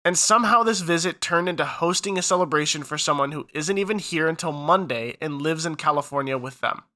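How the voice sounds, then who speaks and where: A man co-hosts a podcast, reading a listener's story aloud before breaking into loose, joking chat. His voice sits on the high side, with a bright, forceful edge. He swears freely and talks casually. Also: a little fast. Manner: reads story text aloud, then casual banter with swearing. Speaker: podcast co-host.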